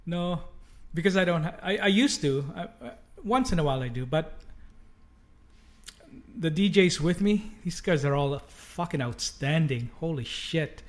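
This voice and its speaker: A man's voice: fairly high pitch, lively intonation, measured pace. A man, a DJ guest on a podcast, telling old club stories in casual chat, laughing often, swearing freely and restarting sentences. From Canada.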